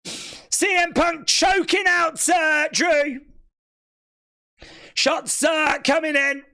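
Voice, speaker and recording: A host giving live reaction commentary on a wrestling event, chatty with asides to viewers and bursting into shouts at big moments. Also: high-pitched, fairly even intonation, drawn-out words. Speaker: watch-along stream host.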